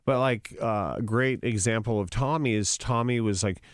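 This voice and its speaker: A rock musician guesting on a podcast tells stories in a casual interview, animated and acting out sounds and quotes. His lowish voice moves at normal speed in a dry, studio-quality recording.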